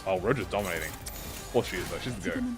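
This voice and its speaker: A man giving casual gameplay commentary, playful and excitable, swearing freely and talking back at the game. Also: low voice, fast talker, over music. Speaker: gaming channel host.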